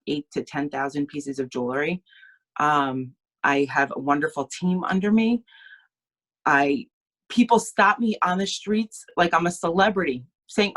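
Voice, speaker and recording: A woman telling her personal story in an earnest, tearful, halting way during a live online event. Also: low-pitched, fairly bright tone. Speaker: team member sharing her story. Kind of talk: emotional personal testimony.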